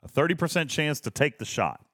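Man hosting a gaming stream, animated pitch, rambling and laughing, dry close mic. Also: a little fast, dry recording. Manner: rambling, laughs often, reads chat aloud. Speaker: streamer host. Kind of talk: casual live-stream chat.

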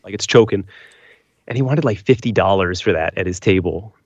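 A man in casual podcast chat, talking loosely and bluntly with plenty of fillers. His voice sits low. The sound is dry and a little muffled. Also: fairly quick, no room sound.

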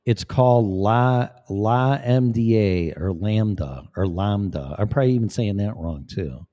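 A man's voice: on the low side, measured pace, lo-fi sound. A man giving profane, rambling, blunt commentary as a vlogger. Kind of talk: casual commentary.

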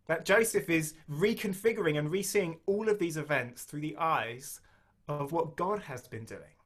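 A man preaching a sermon and reading scripture aloud, slowing down to stress key phrases and speaking conversationally with small restarts. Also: fairly high pitch.

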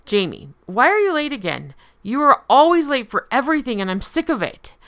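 A woman voicing a short-tempered young woman who scolds her friend in sharp, accusing tones. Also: high voice, big pitch swings, a little fast, pitched above the performer's own voice, full character voice. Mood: scolding.

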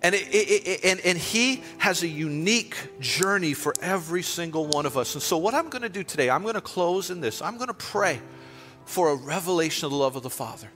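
A pastor, a man, preaches to his church in a high, bright voice that rings with force. He builds his points through passionate repetition and leans into quiet prayer. The sound carries a long hall echo with faint music underneath. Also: lively intonation, brisk. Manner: impassioned, repetitive preaching that drops to a hushed prayerful close. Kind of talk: sermon. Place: church sanctuary.

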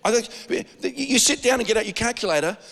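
A man with an Australian accent preaching a sermon as pastor, animated and joking, with frequent restarts. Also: extremely high pitch, fairly quick, gravelly, in a large hall.

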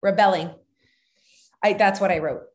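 Animated emphatic woman podcaster. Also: medium pitch, brisk. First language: French. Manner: animated, emphatic, sprinkled with fillers. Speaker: podcast co-host, nutrition coach. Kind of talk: casual podcast chat.

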